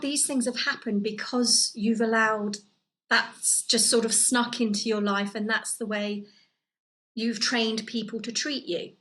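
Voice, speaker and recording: A woman's voice: medium pitch, pushed and bright, low-quality recording. A woman co-hosting a podcast, talking in a casual, earnest way and giving advice, with many fillers and restarts. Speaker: podcast co-host. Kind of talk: casual conversational chat. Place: living in Italy.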